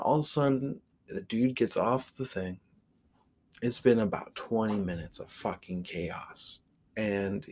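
A man's voice: medium pitch, darkish tone. A man from the Portland area hosting a podcast, telling a story casually with lots of swearing and filler words. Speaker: podcast host.

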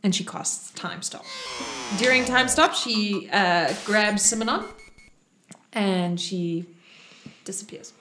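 A woman's voice: mid-range voice, takes it slowly, long pauses, pushed and bright, a little hiss or hum. Woman game master in an echoey room. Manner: playful, laughs while narrating. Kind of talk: narrating a tabletop game.

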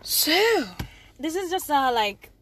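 A woman, hosting her own podcast in a rambling, casual solo chat with sudden loud outbursts. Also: high-pitched, big pitch swings, slow, over music. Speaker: podcast host.

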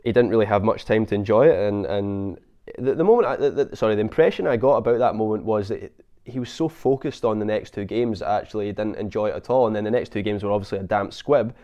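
A Scottish man hosting a casual football podcast, talking with many halting restarts. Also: lowish voice, warm tone, dull audio. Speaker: podcast host.

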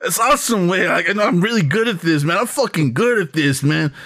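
A man's voice: sits high, expressive, brisk, a bit bright. A man hosting a comedy bit, talking in a crude, rambling way and laughing at his own jokes. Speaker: comedy host. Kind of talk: improvised comedy sketch.

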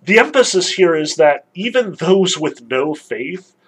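A man's voice: sits high, big pitch swings, unhurried, a little hiss or hum, poor audio. A man giving a literature lecture, explaining in an emphatic, conversational way.

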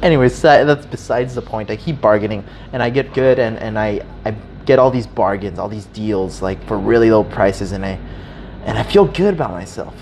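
A young man casually telling a story, animated and swearing freely, acting out the people in it. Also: fairly low pitch, normal speed, a little hiss or hum. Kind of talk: casual chat.

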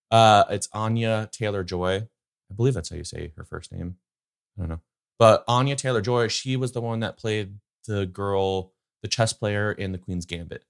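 A young man hosting a casual solo podcast, rambling and opinionated, with lots of fillers. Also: on the low side. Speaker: podcast host.

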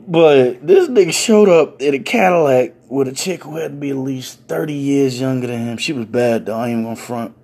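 A husky-voiced man tells a story in laid-back, profane street slang. His voice sits mid-range. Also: mid-range voice, darkish tone. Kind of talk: casual comedic storytime.

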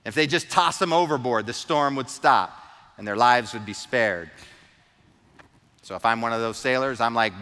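A man's voice: mid-range voice, expressive, normal speed, pushed and bright, big-room sound. A man preaching a sermon, retelling a story with earnest, emphatic repetition. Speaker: pastor.

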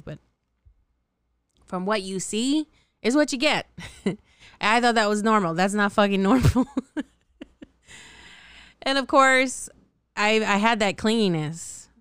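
A woman's voice: mid-range voice, fairly bright tone, clear, resonant tone, no echo, clean studio sound. Profane, laughing woman podcaster. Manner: blunt, profane, laughs often, self-mocking. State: slightly sore, scratchy throat. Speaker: podcast host. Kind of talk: candid solo podcast monologue.

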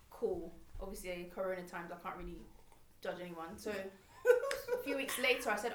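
A woman's voice: mid-range voice, lively intonation, moderate pace, noisy background. A young woman, telling a story in casual chat and animatedly quoting other people. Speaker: podcast co-host. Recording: echoey room.

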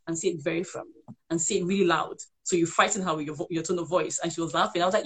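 Speaking fast in a fairly low, slightly rough voice, a mother and author chats through earnest parenting tips on a live show, frequently repeating points as she goes.

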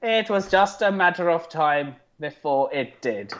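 A man from the UK holds forth in a casual political chat with heavy sarcasm. His speech is slow and drawn out, and his voice comes through a muffled, lo-fi recording. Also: fairly high pitch. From United Kingdom. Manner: sarcastic, animated. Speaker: co-host. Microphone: headphones and desk mic. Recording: dull lo-fi sound.

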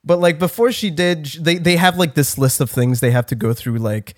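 A man's voice: on the high side, lively intonation, brisk. Swearing young man telling a story. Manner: rambling storyteller, swears a lot, laughs often. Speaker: podcast co-host. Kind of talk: casual chat.

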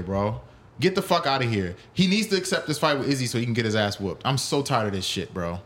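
A man hosts a solo MMA podcast, reading chat, reacting to clips and ranting heatedly with profanity, his voice rising when upset. He talks fast in a mid-range, fairly bright voice with big pitch swings.

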